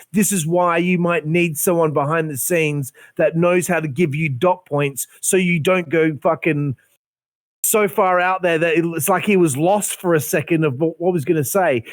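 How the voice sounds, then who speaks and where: A man rants on a podcast, his voice sitting a little high. He swears freely and sounds exasperated. The sound is close and dry. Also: no echo. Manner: profane, ranting, exasperated. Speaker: podcast host. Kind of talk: heated casual rant.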